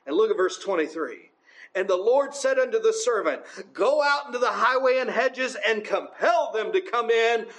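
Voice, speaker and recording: High-voiced man preaching a sermon. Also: expressive, moderate pace, a bit bright, echoey room, poor audio. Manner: conversational, often asks the congregation "right?".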